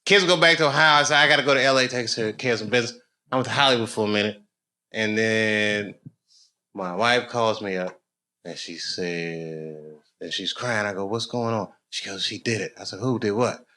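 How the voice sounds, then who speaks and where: An American man in his thirties tells stories as a stand-up comedian on a club stage, his voice fairly low and his pace normal. He frequently laughs at his own material, and his pitch leaps when he gets excited, captured in a noisy live recording.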